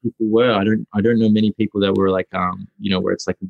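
A young Australian man, a guest actor, chatting casually in an interview, halting and restarting often. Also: on the low side, little pitch movement, gravelly, dry recording, narrow, tinny audio. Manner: halting, full of restarts and fillers.

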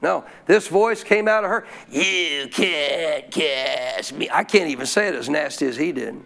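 A male pastor telling a story in a sermon, folksy and animated, often clearing his throat. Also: a little high, a little fast.

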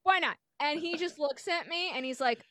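A woman in her thirties, a comedian, telling a story in a podcast interview and listing details in quick comic beats. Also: sits high, fairly bright tone, dry recording, clean studio sound. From New York.

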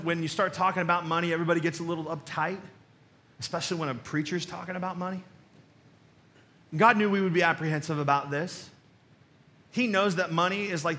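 A man's voice: high voice, bright, forceful tone. A man preaching a sermon as pastor, conversational and emphatic, with joking asides, rhetorical questions and repeated key phrases.

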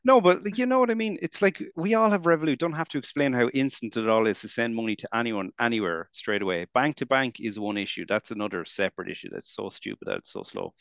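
A man's voice: medium pitch, expressive, fast talker, creaky, hardly any pauses, a bit bright, no room sound. An Irish man co-hosting a podcast in casual chat, chatty and laughing often, trailing off mid-thought. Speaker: podcast co-host.

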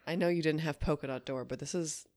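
A woman's voice: low voice, fast, a little mellow, dry recording, clean studio sound. A young woman co-hosting a podcast, teasing her friend and joking with swearing. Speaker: podcast co-host. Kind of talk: casual podcast chat.

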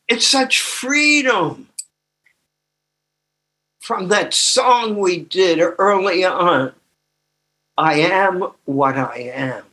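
Older man sharing slowly with a shaky voice. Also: high-pitched, animated, bright, forceful tone. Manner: slow and emotional, with laughter. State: slight voice tremor. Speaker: recovery workshop speaker. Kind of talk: personal sharing talk.

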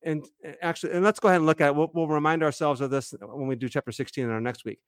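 Man, fairly high voice, dry close mic, casual scholarly Bible talk, explains the Greek step by step. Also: fairly even intonation, racing, clear, resonant tone, no room sound. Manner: explains Greek text step by step, restarts often. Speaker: co-host, Bible teacher.

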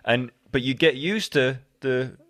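A man's voice: medium pitch, unhurried, a bit bright, dry recording. A man hosting a podcast, talking casually in rambling, self-correcting sentences, often quoting himself. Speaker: podcast host. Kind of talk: casual conversation.

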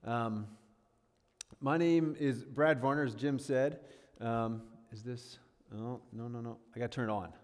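A man's voice: mid-range voice, fairly even intonation, a little slow, darkish tone. Chatty man speaking in a reverberant hall. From northern New York State. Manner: chatty and self-deprecating, lots of fillers and checks. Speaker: guest speaker. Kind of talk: casual sermon-style talk.

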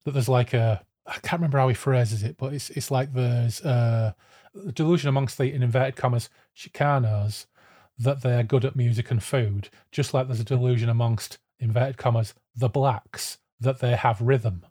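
A man's voice: medium pitch, steady tone, moderate pace, mellow. A man talking over a book in a casual podcast, fluent and reflective with a wry edge. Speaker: podcast guest.

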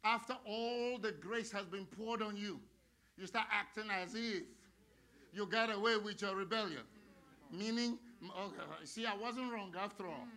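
A middle-aged male pastor preaching a sermon, swinging between hushed, slow talk and loud shouted praise. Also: sits high. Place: church sanctuary. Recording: live church sound with music and crowd. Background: music and congregation.

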